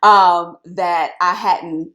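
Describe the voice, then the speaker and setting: A woman in her late thirties, a guest telling her life story in a casual, animated way, laughing often and using many fillers. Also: fairly low pitch, extremely slow. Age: late 30s.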